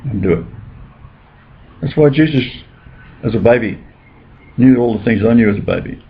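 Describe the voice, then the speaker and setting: A man's voice: mid-range voice, lively intonation, normal speed. A man talking in a rambling, insistent way during a casual conversation. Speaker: speaker with religious claims. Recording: dull lo-fi recording with faint noise.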